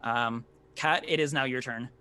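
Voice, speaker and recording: A man's voice: medium pitch, steady tone, normal speed, sharp tone, smooth. A man running a tabletop game as game master, narrating combat loosely with fillers and swearing.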